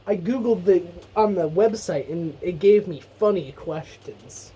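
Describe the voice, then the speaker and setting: A woman's voice: on the low side, measured pace, dark tone, breathy edge, rough recording. A young adult woman co-hosting a casual radio show, playful and teasing in a mock-apologetic way.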